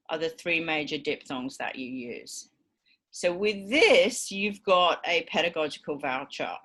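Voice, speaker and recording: A woman's voice: deep voice, expressive, a little slow, a bit bright. A woman with a British accent giving a university lecture, patiently explaining with frequent ums and okays. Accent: British English.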